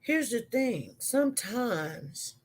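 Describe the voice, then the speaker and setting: A woman's voice: a little high, sing-song, slow. A woman who works as a nurse, telling a work story to her viewers in a casual live stream. She rambles and repeats herself as she talks straight to them.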